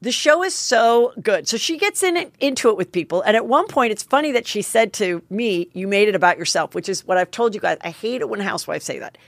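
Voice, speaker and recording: A woman's voice: medium pitch, expressive, a little fast, hardly any pauses, dry recording. Chatty, swearing middle-aged woman host. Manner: chatty, candid, profane, self-mocking. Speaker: podcast host. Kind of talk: casual storytelling monologue.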